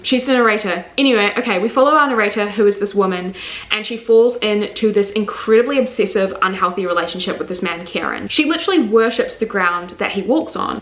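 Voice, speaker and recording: A woman's voice: medium pitch, fairly bright tone, roomy sound, low-quality recording. A young woman with a New Zealand accent, chatting candidly about the books she read, full of fillers and frank asides. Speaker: book reviewer. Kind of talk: casual book review vlog.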